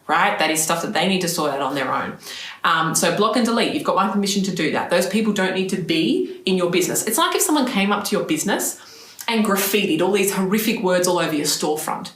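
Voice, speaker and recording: Woman coach talking to camera, kinda low voice, keeps repeating stuff and asking right?, echoey room. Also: lively intonation, fast talker, fairly bright tone. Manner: encouraging, repeats phrases, asks "right?". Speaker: business coach. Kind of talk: direct-to-camera advice talk.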